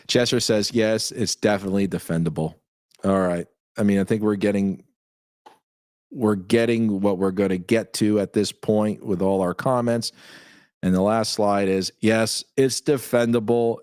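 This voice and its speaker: A man's voice: on the low side, a little mellow, no echo, clean studio sound. A man in his forties hosting a casual live stream, laughing often as he reads viewer comments aloud. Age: 40s. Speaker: show host.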